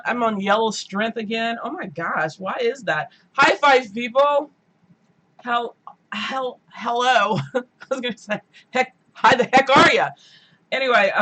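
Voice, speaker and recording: A chatty woman hosts a live book stream from her room at home. Her voice is bright and forward, and she talks in an animated, loose way with bits of playful mimicry. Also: mid-range voice. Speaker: book channel host. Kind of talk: casual live-stream chat.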